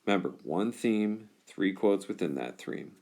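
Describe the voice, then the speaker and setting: Over a whiteboard screencast, a male teacher walks his class through test directions, keeping it informal and reassuring and often checking "all right?". His voice sits low with lively intonation, unhurried and a little mellow.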